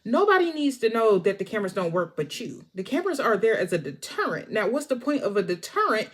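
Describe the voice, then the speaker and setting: Woman, casual movie recap, chatty and expressive, mid-pitched voice. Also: fast talker. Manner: chatty and expressive, talking straight to viewers. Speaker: movie reviewer.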